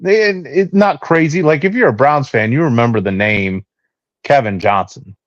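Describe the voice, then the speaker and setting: A man's voice: mid-range voice, normal speed, no echo. A man co-hosting a casual sports podcast, talking in a rambling way with lots of fillers and restarts. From Cleveland, Ohio area. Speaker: podcast co-host. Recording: dull, dry lo-fi sound.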